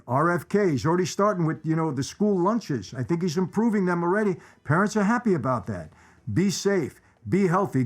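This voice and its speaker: A man hosting his own channel, chatting casually about favorite movie lines in a rambling way, repeating phrases for emphasis. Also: fairly high pitch. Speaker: channel host. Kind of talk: casual movie commentary to viewers.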